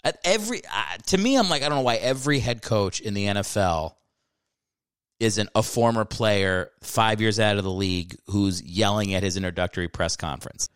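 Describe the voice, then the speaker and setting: A man's voice: on the low side, moderate pace, clean tone, no room sound, clean studio sound. A man hosting his own podcast, ranting casually with profanity and self-mocking asides. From Philadelphia area. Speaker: podcast host. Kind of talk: casual solo podcast rant.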